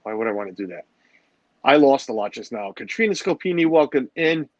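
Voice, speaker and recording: A man's voice: medium pitch, sing-song, brisk, dry recording, highs cut off. A middle-aged man hosting a livestream, rambling and joking as he greets his chat. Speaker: livestream host. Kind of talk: casual chat with a live audience.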